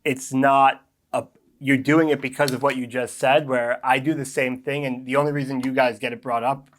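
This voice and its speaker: A man's voice: medium pitch, little pitch movement, moderate pace. A man from New York with a New York accent, hosting an easygoing casual chat and laughing easily. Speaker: podcast host.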